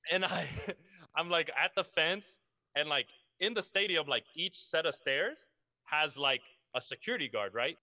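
A man's voice: fairly high pitch, animated, a little slow, pushed and bright, no room sound. A young man, a podcast guest, telling a casual story full of slang and swearing, calling the listener "bro".

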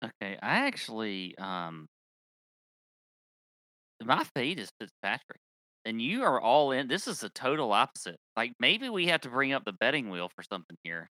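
Lively bright-voiced man co-hosting. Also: mid-range voice, normal speed, no room sound. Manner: laughs easily, argues points with stats. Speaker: podcast co-host. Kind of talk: casual chat about golf picks.

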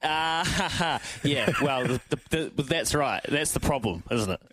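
A man's voice: on the high side, animated, slow pace, fairly bright tone, no echo. Eager New radio co-host man. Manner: enthusiastic, stumbling restarts, laughs. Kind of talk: casual radio banter.

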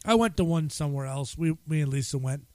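High-voiced, teasing male podcast co-host. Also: lively intonation, quick pace, darkish tone, dry recording. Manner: laughing, teasing storyteller. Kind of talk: casual chat.

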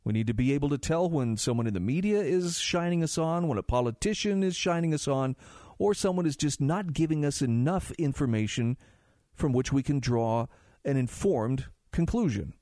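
A man's voice: fairly high pitch, animated, normal speed, warm tone, no room sound, studio quality. A man hosting a talk radio show, reading articles aloud and adding his own asides in a conversational way. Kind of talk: talk radio monologue and ad read.

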